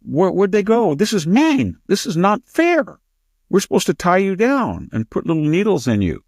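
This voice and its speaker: A man voicing aggrieved foreign nations who complain in a high, whining tone. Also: wildly swooping pitch, normal speed, darkish tone, dry recording, studio quality, exaggerated voice.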